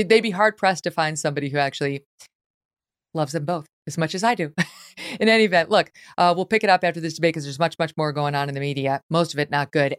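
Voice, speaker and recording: Low-voiced woman podcast host. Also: clean tone, dry recording, studio quality. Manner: animated, quick asides and laughs. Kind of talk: casual opinionated talk.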